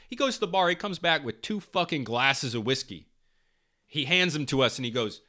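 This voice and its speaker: A man's voice: a little high, animated, normal speed, bright, forceful tone. A young man hosting a podcast, delivering a heated political monologue, swearing often and repeating himself for emphasis. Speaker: podcast host.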